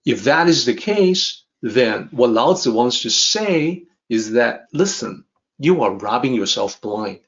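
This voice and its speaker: A man explaining an ancient text as a teacher, in a calm, measured lecture that repeats points for emphasis. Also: medium pitch. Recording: dull, slightly muffled recording.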